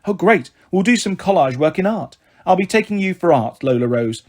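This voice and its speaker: A very posh but unfussy middle-aged headmistress from a storybook, frank and friendly, read by a man. Her voice sits higher than the reader's usual tone and stays relaxed. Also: fairly quick.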